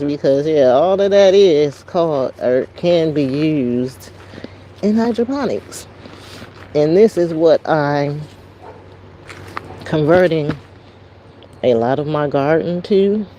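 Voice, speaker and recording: Woman host on a garden livestream, slow, mellow, faint traffic behind. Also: deep voice. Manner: chatty, greets viewers by name, says y'all. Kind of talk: casual live-stream chat while potting. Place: outdoor garden near a road.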